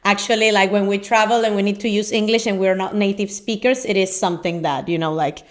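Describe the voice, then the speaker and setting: A woman's voice: medium pitch, fairly even intonation, a little fast. Chatty young woman podcast host. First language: Spanish. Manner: chatty, laughs often, filler-heavy. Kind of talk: casual chat.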